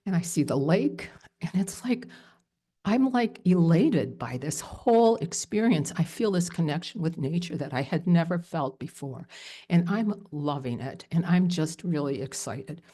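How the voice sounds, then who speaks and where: At a live storytelling event, a woman shares a personal story with animation and emotion, using lots of fillers. Her low voice is mellow and warm but slightly rough, and she keeps a measured pace.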